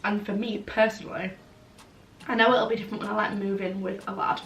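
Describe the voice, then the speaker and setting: A woman's voice: medium pitch, level tone, fairly quick, a bit bright. Frank young woman vlogging. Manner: frank, blunt, chatty, many "like" fillers. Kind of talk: casual chatty Q&A. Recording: roomy, slightly distant, faint background noise.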